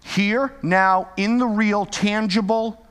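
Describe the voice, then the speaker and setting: A high-pitched man delivers a lively, conversational sermon and keeps checking in with his listeners. His voice carries a long hall reverb, as if he is speaking in a large space. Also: takes it slowly, clear, resonant tone. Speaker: Bible teacher.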